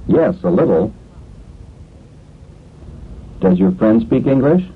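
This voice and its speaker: Low raspy guy running a language drill, slow and deliberate, swoopy up and down, tinny phone-like old tape. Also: animated. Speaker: language course instructor.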